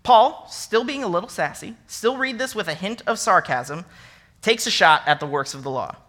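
A young adult man from the American Midwest, an associate minister giving a sermon, animated and conversational, reading scripture with sarcastic emphasis. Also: high-pitched, moderate pace.

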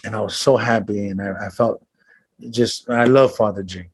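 A man's voice: on the low side, steady tone, normal speed, slightly rough. A man telling a personal story as an interview guest, earnest and reflective, with casual slang and frequent restarts.

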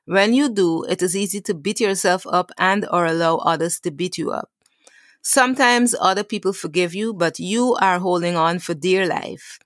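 A woman's voice: lowish voice, moderate pace, no room sound, studio quality. A woman author and stress coach, a guest on a podcast, talking earnestly about rest and faith and reading from her book. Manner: earnest, faith-based, self-correcting.

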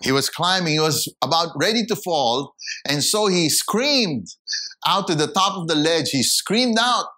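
A man preaching a sermon, emphatic, his voice climbing high when he acts out the people in his stories. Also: lively intonation, measured pace, sharp tone. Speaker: pastor.

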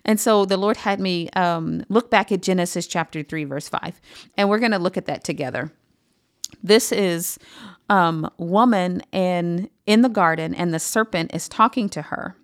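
A woman pastor giving an earnest, emphatic Bible teaching on a podcast, pausing often with "um". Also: fairly low pitch. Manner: earnest, emphatic, with frequent "um" pauses.

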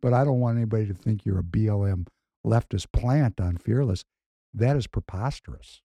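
A man's voice: on the low side, moderate pace, warm tone, husky, dry recording. A man co-hosting a podcast, talking earnestly and emphatically, often repeating a point. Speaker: podcast co-host. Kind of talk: casual podcast talk.

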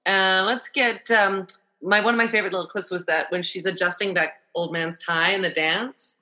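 A woman with a bright, clear voice chats casually about movies. She talks loosely, trailing off and leaning on filler words. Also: fairly low pitch, steady tone, a little fast. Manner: chatty, trails off with likes. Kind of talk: casual film discussion.

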